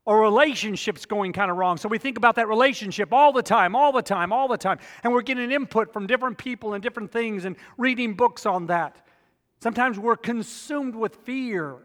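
Man, pastor, sermon, emphatic repetition, higher voice, long hall echo. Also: brisk, fairly bright tone. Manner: emphatic preaching with repetitions, storytelling asides.

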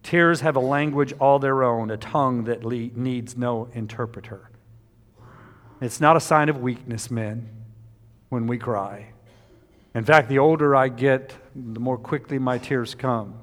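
A middle-aged man preaching a sermon as pastor, emphatic, moving between loud passion and quiet tenderness. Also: mid-range voice, measured pace. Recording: long hall reverb from a church sanctuary.

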